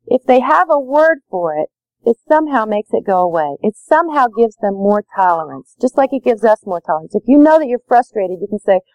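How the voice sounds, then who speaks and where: A woman's voice: fairly high pitch, very animated, fairly quick, darkish tone, no room sound, low-quality recording. Emphatic woman leading a parenting workshop. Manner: emphatic, repetitive, acts out dialogue. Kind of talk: live workshop talk.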